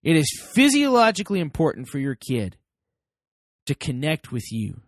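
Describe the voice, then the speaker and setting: An American man speaking to his podcast listeners about parenting. His voice sits fairly high and swings widely in pitch as he talks emphatically. The recording is close and dry, with no room sound. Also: moderate pace, dry recording. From United States. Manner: animated and emphatic, acts out both sides of little dialogues. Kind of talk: motivational talk to listeners.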